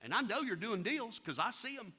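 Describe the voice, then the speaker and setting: A man's voice: high voice, sing-song, brisk, sharp tone, husky, pitched above the performer's own voice, exaggerated voice. A man putting on the voice of a plain-spoken male private money lender with folksy, casual slang. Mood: friendly.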